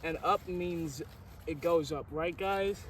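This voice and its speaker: A man joking his way through a hobby vlog, playful, excitable and self-mocking. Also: fairly high pitch, slow, recorded from a distance, a little hiss or hum. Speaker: vlogger. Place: outdoors and in a workshop.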